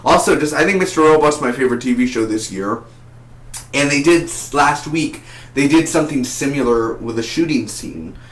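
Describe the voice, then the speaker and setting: Excitable man reviewing TV in an echoey room. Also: mid-range voice, normal speed. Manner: excitable and rambling, repeats and restarts words. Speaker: TV episode reviewer. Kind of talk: casual spoken review.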